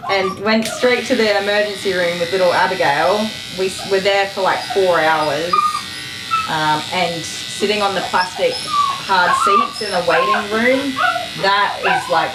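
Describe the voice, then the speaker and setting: An Australian woman groomer talks casually while she works, dropping into soft, coaxing tones to settle a nervous dog. Her voice sits a little low. The room is echoey, and a steady noise runs underneath. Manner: soothing a restless dog between chatty stories, soft and coaxing. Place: grooming salon.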